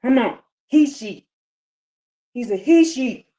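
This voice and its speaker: High-voiced woman preaching with heated emphasis. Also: expressive, slow pace, warm tone. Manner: emphatic, repeats rhetorical questions. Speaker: livestream host. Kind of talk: religious commentary livestream.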